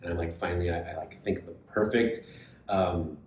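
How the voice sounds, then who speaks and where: A man co-hosting a podcast, retelling a story in casual chat and acting out the other people's lines. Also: a little fast. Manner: animated retelling, acts out quoted voices. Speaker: podcast co-host. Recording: echoey room with faint rumble.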